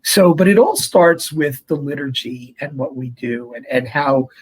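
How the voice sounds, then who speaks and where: A man who is a priest, talking in a casual interview and telling stories in a chatty, animated way. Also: mid-range voice, measured pace, husky, poor audio. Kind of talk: conversational interview.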